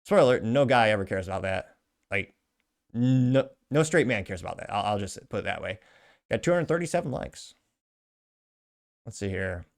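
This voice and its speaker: A man's voice: fairly low pitch, expressive, normal speed, long pauses. A man hosting an online show, reading out viewer comments and adding wry, offhand remarks between them. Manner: wry, offhand asides with chuckles. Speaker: show host.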